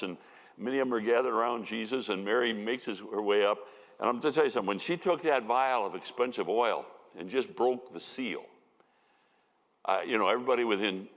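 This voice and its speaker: A Bible teacher gives a conversational sermon in a church sanctuary, telling the story with folksy asides. His mid-range voice is fairly bright, and the church hall adds a long reverb.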